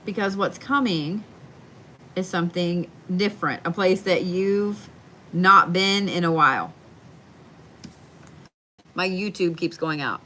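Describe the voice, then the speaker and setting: A woman's voice: lowish voice, pushed and bright. Soothing woman reading cards live. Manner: slow, soothing, repeats reassurances. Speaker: tarot card reader. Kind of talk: live-stream card reading. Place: home, indoors.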